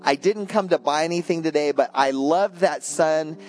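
A man voicing a humble male groundskeeper who speaks with soft, earnest sincerity. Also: fairly high pitch, normal speed, lightly acted.

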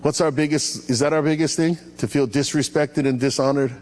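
A man preaching a sermon as pastor, animated and playful, calling out to his congregation and asking them to repeat after him. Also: on the high side, a little fast. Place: church hall. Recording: echoey hall with faint hum.

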